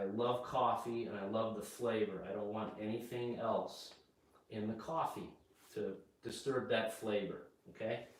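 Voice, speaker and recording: A man gives a slow, step-by-step English lesson, repeating key words and checking in with "okay?". His voice is recorded from across an echoey kitchen, so it sounds distant and roomy. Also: on the low side. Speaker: English teacher. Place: home kitchen. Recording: echoey room, mic far off.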